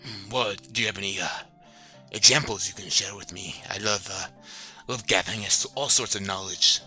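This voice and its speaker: A man's voice: lowish voice, moderate pace, sharp tone, faint music behind. A man playing a dry, hooded pipe smoker. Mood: curious.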